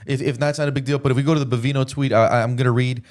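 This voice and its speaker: A man's voice: mid-range voice, steady tone, racing, darkish tone. A man hosting a live podcast stream, casually reading out viewer super chats and cueing his producer. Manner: loose, filler-heavy, reads comments aloud.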